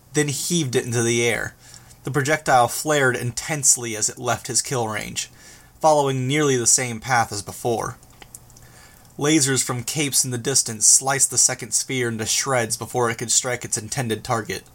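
A man reading a novel aloud as narrator, with steady, measured delivery. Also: medium pitch. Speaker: audiobook narrator. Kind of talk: scripted narration.

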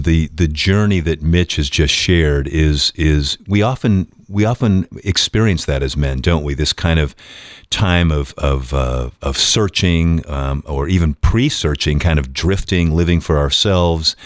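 A man's voice: very deep voice, a little slow, no echo, clean studio sound. A man hosting a podcast, reflecting on the guest's story and handing the talk to his co-host. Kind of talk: hosting a conversation.

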